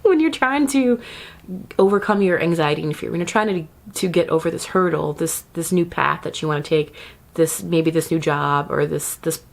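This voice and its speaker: A woman vlogger giving casual self-care advice to camera, chatty and often laughing, with quick asides. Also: low-pitched, steady tone, creaky.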